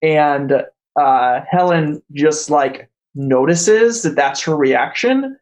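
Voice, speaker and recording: Game master narrating a tabletop game; halting, filler-heavy, mid-pitched voice. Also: lively intonation, darkish tone, rough recording.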